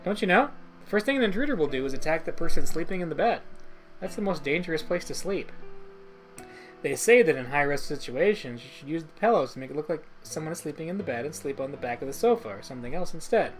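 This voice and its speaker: A man's voice: on the high side, lively intonation, fast, soft background music, natural voice. A man voicing a smug, blunt young male detective in a game, with a dry and dismissive delivery. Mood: matter-of-fact.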